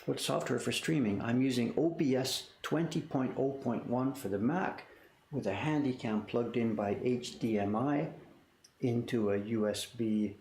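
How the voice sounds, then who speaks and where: An older man with a gravelly, fry-tinged voice chats casually on a livestream, working through viewer questions. He rambles and apologizes as he goes. The room is echoey, with a faint hiss behind him. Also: medium pitch, a little slow, darkish tone. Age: 60s. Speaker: print shop owner and livestream host. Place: workshop.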